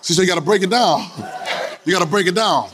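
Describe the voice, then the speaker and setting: A man's voice: sits high, lively intonation, fast, fairly bright tone. A man with a Louisiana accent, preaching a sermon in a church with playful, rhythmic call-and-response. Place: church sanctuary.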